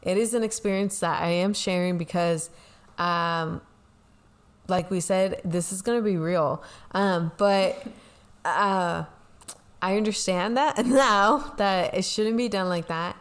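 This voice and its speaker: A woman's voice: mid-range voice, takes it slowly, smooth. A young woman co-hosting a talk show, telling a personal story in a rambling, casual way, full of "like" and "you know.". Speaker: podcast co-host, pastor's kid. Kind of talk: casual confessional chat.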